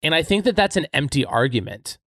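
A man in casual podcast conversation, thinking aloud with halting restarts and "like" fillers. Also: on the high side, sing-song, sharp tone, dry recording, studio quality. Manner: thoughtful, halting, many "like" fillers.

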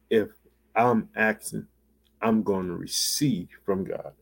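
A man preaching a sermon with fervent emphasis, calling out to his listeners and swinging from loud exclamations to hushed near-whispers. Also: fairly low pitch, steady tone, measured pace, creaky, slightly rough. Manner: fervent, emphatic, repetitive call-outs to listeners.

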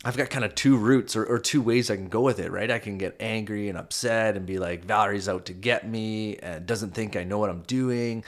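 A middle-aged man with a fairly low voice talks through a personal story on a casual podcast. He is earnest and self-reflective, and he often restarts his sentences. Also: fairly even intonation, fairly quick, few pauses. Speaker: podcast co-host. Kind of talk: casual faith-based marriage chat.

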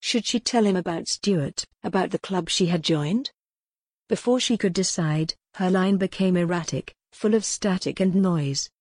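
A woman narrates a story for an audiobook at a calm, measured pace. Her voice is on the low side. The recording is dry and close. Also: husky, no echo.

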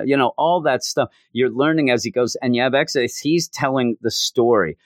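A man's voice: mid-range voice, fairly quick, hardly any pauses, dry recording, studio quality. Rambling man hosting a podcast. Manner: rambling, self-interrupting. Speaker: podcast host. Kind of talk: casual comic book review.

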